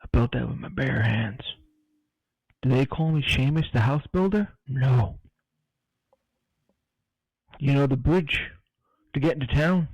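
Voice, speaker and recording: A man's voice: medium pitch, unhurried, pauses often, darkish tone, husky, no room sound, lo-fi sound. A man voicing a drunk, boastful man at a bar in a joke, in his own plain voice. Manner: joke-telling, plain voice without accent.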